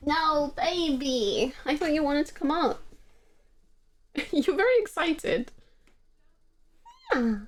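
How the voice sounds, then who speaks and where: A woman's voice: sits high, expressive, slow pace, pauses often, slight background noise. A woman streaming a video game, chatting casually and giggling, poking fun at herself. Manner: giggly, chatty, self-mocking. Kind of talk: casual let's-play chat. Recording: game music playing underneath. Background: game music.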